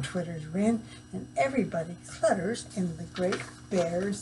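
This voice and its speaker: An older woman and grandmother reading a picture book aloud, gently stopping to explain words for children. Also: fairly low pitch, lively intonation, a little slow, hardly any pauses, slight background noise, rough recording. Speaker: storyteller.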